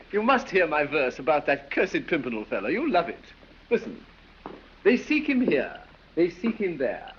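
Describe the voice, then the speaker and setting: An actor playing a silly, foppish English aristocrat dandy who drawls, giggles and dithers, in 1930s film acting. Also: male voice, on the high side, fairly bright tone, heavily acted. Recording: dull old film soundtrack with hiss.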